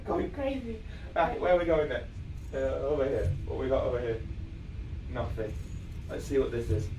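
A gamer commentating on a VR game, excitable and yelling spell words at it. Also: medium pitch, normal speed. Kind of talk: let's play commentary. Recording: echoey room, mic off at a distance, faint noise.

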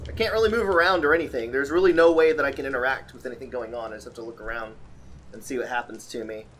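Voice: medium pitch, slight background noise. A let's play host giving casual, joking gaming commentary, chatting with viewers and teasing the game's characters.

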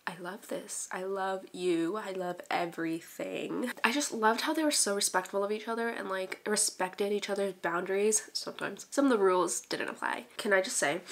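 A young woman talking to camera at home on a casual book vlog. Her voice is gushing and giggly, and she gets excitable as she chats. She speaks at a middle pitch. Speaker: book vlogger.

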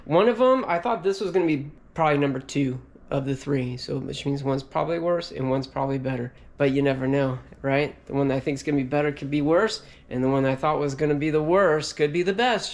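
A man with a slightly raised pitch talks casually to his viewers. He rambles and fills pauses as he sorts through a storage locker he bought. His delivery is loose and conversational. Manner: chatty, rambling, with many fillers. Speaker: storage locker buyer and channel host. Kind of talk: casual vlog talk to camera. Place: storage locker during a heat wave.

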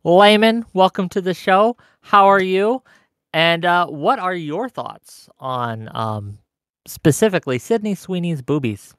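A man's voice: high voice, animated, unhurried, fairly bright tone, clean tone, no room sound, studio quality. A man hosting a casual online panel discussion, joking as he brings in guests one at a time. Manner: playful, joking moderator. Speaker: host.

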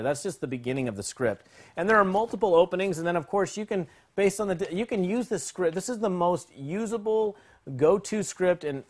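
A man walks listeners through a sales phone script with energy and easy, conversational delivery. His voice sits a little high for a man, and he slips into both sides of the calls as he explains. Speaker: sales trainer.

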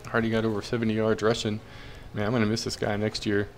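A man's voice: on the low side, completely flat delivery, fast talker, slight background noise. A young man casually commentating his own football video game, cheering and groaning at the plays. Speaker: gaming commentator.

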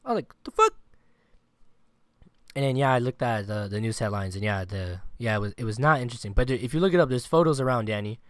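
A man's voice: mid-range voice, fast talker, few pauses, no echo. Rambling male podcast co-host, dry sound. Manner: rambling storyteller, heavy on filler words and swearing. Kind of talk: casual sports chat.

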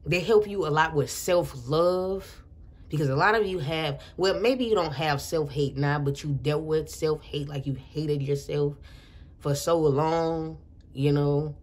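Woman tarot reader; chatty, earnest, loose delivery full of restarts. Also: low-pitched. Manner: rambling and chatty, with frequent restarts. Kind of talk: casual intuitive tarot reading.

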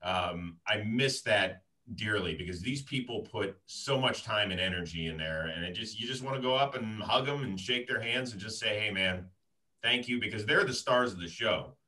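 A man, a sports commentator, telling a story in casual chat, animated and laughing as he acts out what people said. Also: on the low side, moderate pace, few pauses, poor audio.

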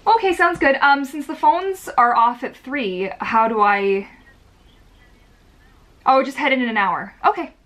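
A woman's voice: on the high side, expressive, unhurried, pauses often, a bit bright. A woman chatting casually to camera from a filming corner at home, rambling with lots of filler words. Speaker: vlogger. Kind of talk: casual vlog chat to camera.

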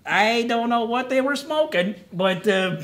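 A man's voice: extremely high pitch, expressive, unhurried, a bit bright, a little hiss or hum. A man co-hosting a casual top ten list show, rambling with wry asides and self-corrections. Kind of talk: casual joking commentary.

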